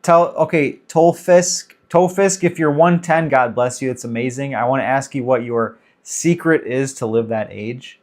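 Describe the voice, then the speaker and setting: A man's voice: mid-range voice, moderate pace, few pauses, darkish tone. A man in his thirties hosting a casual livestream Q&A, chatting loosely and greeting viewers by name as he reads the chat. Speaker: livestream host.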